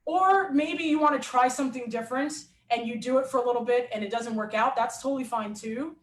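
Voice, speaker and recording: A woman athlete and coach telling a story in a lively, animated way in a casual interview. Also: a little high, brisk. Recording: roomy echo.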